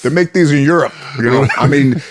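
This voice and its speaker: A man's voice: mid-range voice, fairly quick, background noise. A man telling stories casually on a podcast as a comedian guest, swearing freely and acting out the people in his stories. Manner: profane, animated, acts out the people in his stories.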